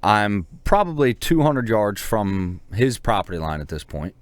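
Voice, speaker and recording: A man co-hosting a hunting talk show, swearing freely as he tells a heated story and jumps up in pitch when he quotes the shouting. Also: sing-song, unhurried, dry recording. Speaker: hunting podcast co-host. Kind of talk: casual chat.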